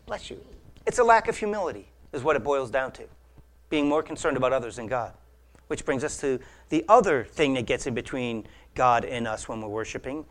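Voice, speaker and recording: High-voiced man preaching a lively sermon. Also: normal speed. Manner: animated, acts out imagined voices, swings from hushed to loud. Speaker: pastor.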